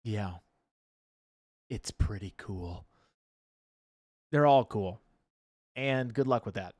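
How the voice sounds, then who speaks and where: A man's voice: fairly low pitch, takes it slowly, darkish tone. A man co-hosting a casual livestream and reading viewer chat aloud, playful and jokey with goofy asides.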